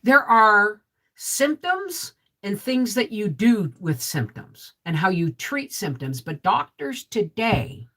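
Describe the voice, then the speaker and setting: A middle-aged woman with a deep, resonant voice, hosting a casual vlog live stream. She chats straight to viewers, reads their comments and keeps asking "right?". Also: a bit bright. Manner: chatty, talks straight to viewers with frequent "right?". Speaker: homesteading vlog host.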